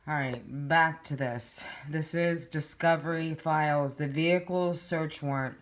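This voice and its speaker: A low-pitched woman speaks slowly and casually, addressing her viewers directly as she works through case papers. She turns emphatic and indignant when driving home a point. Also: steady tone. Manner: chatty, addresses viewers directly, reads documents aloud. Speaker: true crime vlogger. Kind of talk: casual talk to camera.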